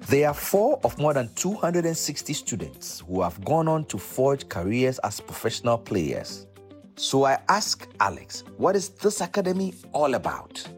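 A man in his thirties narrates a radio documentary with earnest, measured storytelling. His voice sits at an ordinary middle pitch, and faint music plays underneath. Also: huge pitch swings. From Ghana. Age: 30s. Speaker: documentary presenter.

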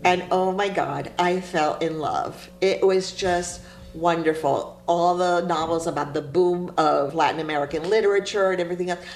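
Lively Cuban-born woman poet. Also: on the low side, normal speed, slight background noise, rough recording. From Cuba. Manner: animated storytelling, laughs often. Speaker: poet guest. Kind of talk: interview conversation.

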